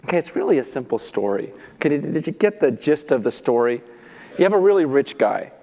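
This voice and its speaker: A man preaching a sermon, telling a story with animated delivery and acting out the characters' lines. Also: fairly high pitch, fairly quick. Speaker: pastor. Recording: long reverb of a large hall.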